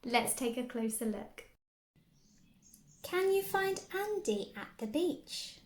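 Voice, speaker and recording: High, slow, encouraging woman teaching phonics. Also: very animated, roomy sound. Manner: slow, exaggerated and encouraging, with many questions and praise. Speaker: early years phonics teacher. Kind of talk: sing-song lesson for small children.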